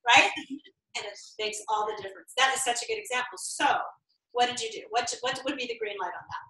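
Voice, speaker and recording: A woman's voice: high-pitched, big pitch swings, moderate pace, bright, forceful tone. A woman leading a training workshop, upbeat and often laughing, acting out the tones of imagined text messages. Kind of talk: interactive training talk. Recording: roomy echo, distant mic.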